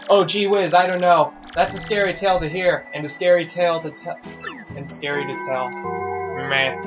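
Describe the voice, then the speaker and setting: A man hosting a video game let's play, joking and reading dialogue aloud excitedly. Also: fairly high pitch, normal speed, dull audio, faint music behind. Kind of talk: gameplay commentary.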